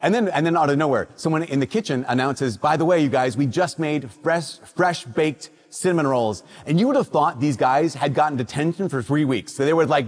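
A man from Minnesota gives a Gospel reading and a casual, story-driven sermon. His voice sits a little high for a man and has a husky edge. A long reverb from the large church trails each phrase. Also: fairly quick, few pauses. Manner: conversational, acts out quoted voices. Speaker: priest.

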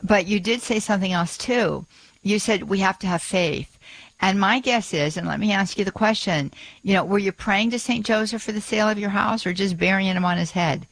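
A man hosting a call-in religious radio show who laughs easily and gently corrects a caller. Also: sits high, normal speed, vocal fry, no room sound, poor audio. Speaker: radio host.

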